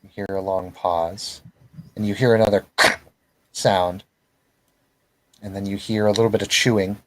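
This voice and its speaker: A man runs a tabletop game as game master, describing scenes in a relaxed, casual way. He breaks in with joking asides, and his voice sits a little on the low side. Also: a little slow, slight background noise.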